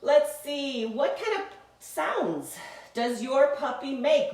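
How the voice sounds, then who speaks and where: A woman's voice: high voice, takes it slowly, far from the mic. A woman teaching a children's yoga class, reading a picture book aloud and guiding poses in a playful, encouraging way. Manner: playful, encouraging, animated storytelling. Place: indoor room, filmed while doing poses. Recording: echoey room.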